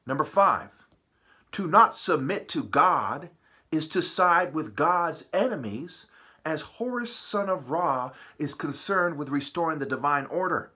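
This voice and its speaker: A man in a profane, preachy ranting monologue, swinging from muttering to shouting. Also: a little high, expressive, a little slow, husky. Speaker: vlogger.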